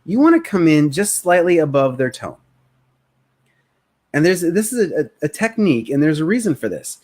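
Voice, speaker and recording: A man coaching on sales in a casual live-streamed talk, energetic and conversational, acting out short bits of customer talk. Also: a little high, normal speed. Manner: energetic, conversational, acts out prospects' voices.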